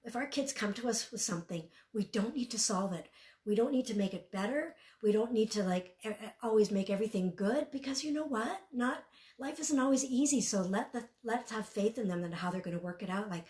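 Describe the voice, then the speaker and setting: A woman in her forties giving a live parenting talk, telling stories and acting out what parents and kids say in a higher voice. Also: expressive, a little fast, darkish tone, echoey room. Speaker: parenting speaker. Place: talk venue room.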